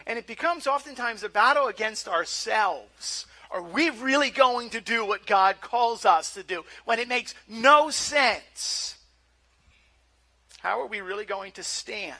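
A man's voice: extremely high pitch, pushed and bright. A male pastor preaching a sermon in a conversational way, often repeating words as he starts a phrase.

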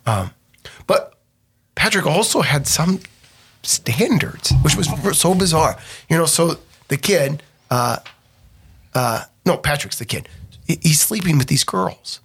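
Husky male pastor-host, casual and animated on-air chat, lots of fillers. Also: a little high, unhurried. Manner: animated, quotes people in voices, frequent fillers. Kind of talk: casual radio talk about a movie.

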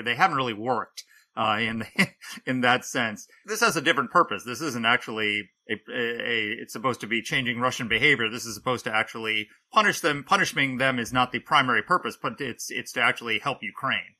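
A man's voice: medium pitch, pushed and bright. A man hosting a panel discussion, asking pointed questions. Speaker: host.

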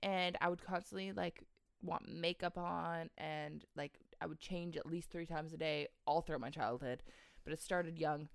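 A young woman from Canada, telling a childhood story on a podcast, animated and giggly. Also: sits low, normal speed, creaky, clear, resonant tone, no room sound, clean studio sound. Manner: animated, giggly, puts on voices when quoting. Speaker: podcast co-host. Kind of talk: casual storytelling chat.

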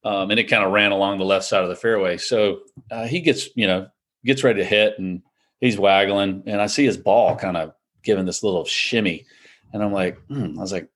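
Male golfer, slightly low voice, casual rambling storyteller with fillers. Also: moderate pace, a bit bright. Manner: rambling, laughs often, many fillers. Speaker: golfer guest.

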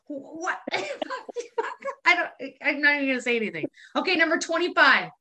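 Bright-voiced woman, laughing and exasperated. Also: sits high, animated, a little slow. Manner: exasperated, laughing, profane list of pet peeves. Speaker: podcast co-host. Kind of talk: casual podcast chat.

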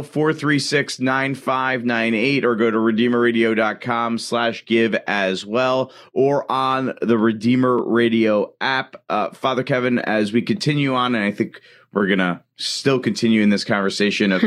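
A man hosting a radio fundraiser, making brisk and upbeat appeals for pledges and interviewing guests. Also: medium pitch, a bit bright. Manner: brisk, upbeat appeals, repeats the phone number. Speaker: radio host running a fundraiser.

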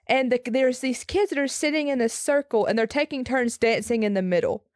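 A young woman, slightly hoarse and raspy from screaming, telling a story in casual podcast chat with quick asides. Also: a little high, darkish tone, no room sound, studio quality. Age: young adult. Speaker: podcast co-host.

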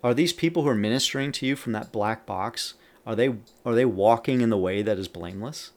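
A man's voice: mid-range voice, fairly quick. A man giving a Bible teaching on a podcast. He reads scripture aloud with added emphasis and stops to comment between verses. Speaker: podcast preacher.

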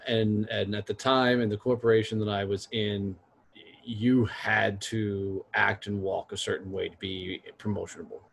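A man's voice: lowish voice, vocal fry, slight background noise. A man hosting a casual conversation, blunt and salty, telling stories from his own career. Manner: blunt, profane, storytelling.

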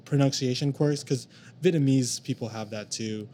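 A man's voice: mid-range voice, moderate pace, mellow. Hesitant man with faint background noise. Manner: hesitant, explaining with fillers. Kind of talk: casual chat about anime.

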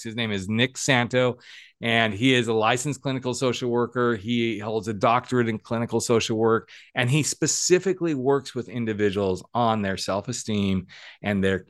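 A man hosting a podcast, talking in an animated, emphatic, chatty way. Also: fairly low pitch, no echo, clean studio sound. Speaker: podcast host and coach. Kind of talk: casual podcast conversation.

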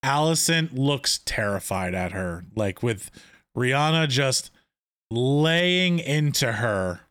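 A man co-hosting a casual podcast, recapping a TV episode in an excited, rambling way with many restarts. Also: mid-range voice, slow. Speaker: podcast co-host.

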